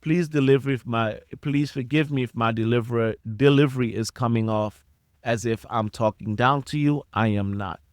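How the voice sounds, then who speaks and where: Speaking at a moderate pace in a mid-range voice, a middle-aged solo podcast host launches into a passionate, preachy rant aimed directly at listeners, repeating himself to drive points home. The audio is clean studio sound without room reverb.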